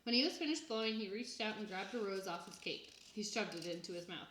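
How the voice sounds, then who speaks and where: A woman reading a children's book aloud in an even, plain storytelling manner. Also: mid-range voice, brisk, a little hiss or hum. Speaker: reader. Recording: echoey room.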